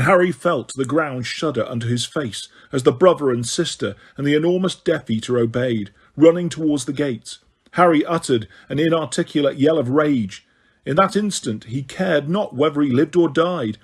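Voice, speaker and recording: A man narrating a fantasy novel as an audiobook, with steady storytelling and occasional stumbles. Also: fairly high pitch, moderate pace, breathy edge.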